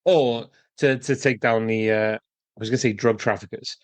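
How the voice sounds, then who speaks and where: A man's voice: on the low side, steady tone, moderate pace, no echo. A man co-hosting a casual film podcast, speaking in an easygoing, meandering way with frequent chuckles. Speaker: podcast co-host.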